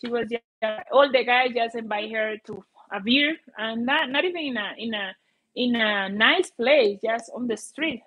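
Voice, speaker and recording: On a casual livestream, a vlogger who grew up speaking Spanish talks with a Colombian accent and often pauses to find English words. Her voice is fairly high, a bit bright and slightly rough, and she speaks at a moderate pace.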